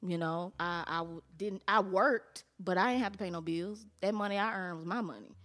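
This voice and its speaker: A woman's voice: on the low side, normal speed, fairly bright tone. A woman as an interview guest, telling her own story candidly in blunt, colloquial talk with some cursing. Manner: blunt, colloquial, salty language.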